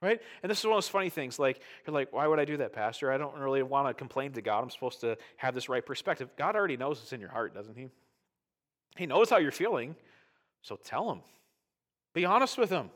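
A middle-aged male pastor giving a conversational sermon, animated and often checking in with "right?". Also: medium pitch, quick pace.

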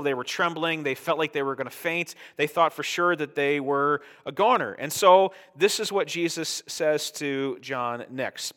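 A man delivers a Bible teaching sermon in a casual, conversational style, often checking in with his listeners. His voice sits a little high and sounds bright. The recording carries a long reverb from a hall. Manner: conversational, tag questions like "right?". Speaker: preacher.

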